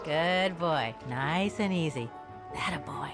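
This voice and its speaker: Kate Walker, a calm game heroine. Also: female voice, low-pitched, takes it slowly. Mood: coaxing. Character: adventurous young woman heroine, calm, polite. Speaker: game character. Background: soft game music.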